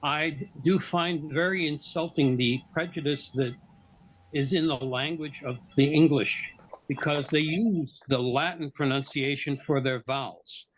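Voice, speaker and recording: A man's voice: on the high side, a little slow, slight background noise, rough recording. A man on a video call, joking in a mock-indignant way about how words are said. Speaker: theatre group member. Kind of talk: casual chat on a video call.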